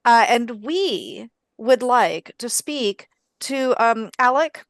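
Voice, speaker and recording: A woman's voice: fairly high pitch, animated, takes it slowly, dry recording, voice pushed up. A woman playing a formal, earnest nun. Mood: grave, formal. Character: bold middle-aged nun, formal and earnest.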